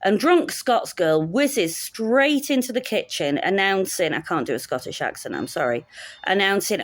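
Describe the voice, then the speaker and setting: A woman's voice: medium pitch, expressive, normal speed, dry recording. A woman telling a story in a casual vlog, wry and sarcastic. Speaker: teacher.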